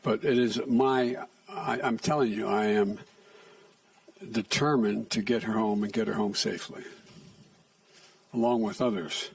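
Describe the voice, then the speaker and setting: Older guy fielding reporter questions, husky voice, halting and restarting a lot, sounds a bit far from the mic. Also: lowish voice, fairly even intonation. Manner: halting, restarts often, soft asides. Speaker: president answering reporters. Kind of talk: press conference. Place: press room.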